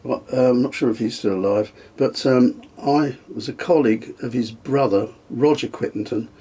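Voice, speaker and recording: Older man, husky and halting. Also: mid-range voice, mellow. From England. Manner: hesitant, many ums and restarts, chuckles often. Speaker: interviewee, the host's father. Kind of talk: casual reminiscing interview.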